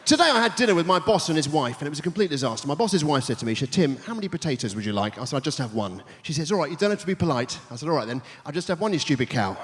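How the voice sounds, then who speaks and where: A man doing stand-up, delivering quick punning one-liners with deadpan setups on a theatre stage. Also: a little high, long reverb tail. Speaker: stand-up comedian. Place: large theatre stage before a live audience.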